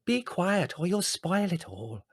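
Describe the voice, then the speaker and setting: A man voicing an excitable young woman who speaks in breathless, gushing outbursts. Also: high-pitched, a little slow, dry recording, studio quality, pitched above the performer's own voice, full character voice. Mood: eager.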